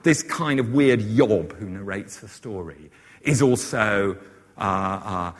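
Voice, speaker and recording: A man's voice: on the low side, takes it slowly. A man giving a chatty, informal lecture on novels, with many fillers and asides. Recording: long hall reverb.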